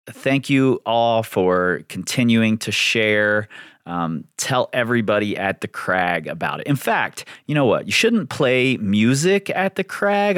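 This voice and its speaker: A man's voice: on the low side, a bit bright, no room sound, studio quality. A man hosting his own podcast, chatting casually and self-deprecatingly with his listeners. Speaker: podcast host.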